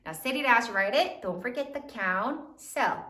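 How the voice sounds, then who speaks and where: A woman teacher leading a spelling lesson, slowly sounding out words letter by letter for young pupils. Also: on the high side, lively intonation, sharp tone, a little hiss or hum. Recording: echoey room, mic at a distance.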